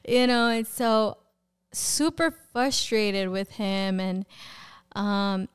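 A young adult woman, a podcast guest, giving a personal testimony in a lively conversational way and acting out the words of people in her story. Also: fairly high pitch, slow, smooth. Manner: animated storyteller who acts out quoted dialogue and fills with "like".

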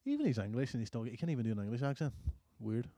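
A young man, co-hosting a casual podcast chat and swearing freely as he gets animated. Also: mid-range voice, very fast, dry recording. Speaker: podcast co-host.

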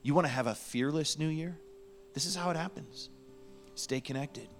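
A man's voice: fairly high pitch, normal speed, faint music behind. Earnest male pastor preaching. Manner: earnest, pleading, drops to a near whisper at times. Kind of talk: sermon. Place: church sanctuary.

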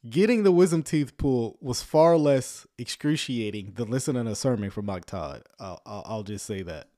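A man giving casual livestream commentary on a sermon, sarcastic and rambling, often chuckling and filling pauses with "um.". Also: mid-range voice, expressive, dark tone. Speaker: online commentator reacting to a sermon.

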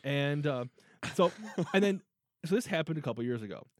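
Animated storytelling man, dry mic. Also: on the high side, moderate pace, no echo. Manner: animated, swearing, laughing storyteller. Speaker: podcast co-host. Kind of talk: casual storytelling chat.

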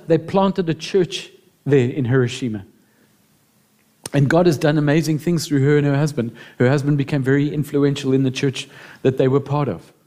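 Male pastor, sermon, high-pitched, emotional, impassioned. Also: a little mellow. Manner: emotional, building to impassioned appeals.

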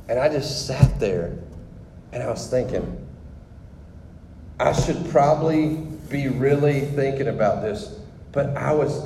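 Man, candid testimony speaker, warm and mellow, roomy hall with long reverb and faint background ambience. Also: mid-range voice, measured pace, vocal fry, a little hiss or hum. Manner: candid and conversational, with frequent restarts. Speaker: speaker sharing his testimony. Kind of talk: personal testimony to a group.

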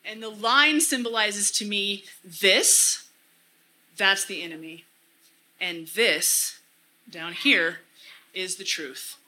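A woman's voice: medium pitch, slow, pauses often, sharp tone, low-quality recording. A woman giving an earnest church talk, often repeating phrases for emphasis. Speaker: church speaker. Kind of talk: casual teaching talk.

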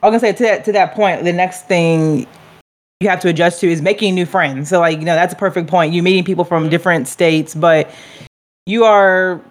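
A woman's voice: fairly low pitch, fairly even intonation, brisk. Rambling young woman co-host. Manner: rambling, many fillers and restarts. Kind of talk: casual chat.

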